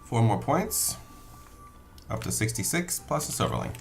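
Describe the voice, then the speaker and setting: Lively, self-mocking man playing a board game. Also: medium pitch, moderate pace, vocal fry, over music. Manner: self-mocking, thinks aloud, laughs often. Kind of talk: casual chat while playing a board game.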